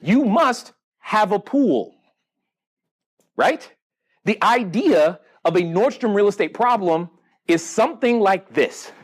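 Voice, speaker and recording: This podcast host has a high, breathy voice and talks slowly as he leads a seminar before a live audience in an event room. He's an animated storyteller who poses questions to the crowd and performs the dialogue himself.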